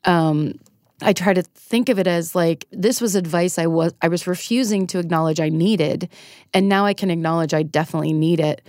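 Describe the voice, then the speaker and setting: A middle-aged woman talks candidly in a casual interview, laughing often at her own expense. Her voice sits a little low. The sound is dry and close. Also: brisk, a little mellow, no echo. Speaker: podcast guest.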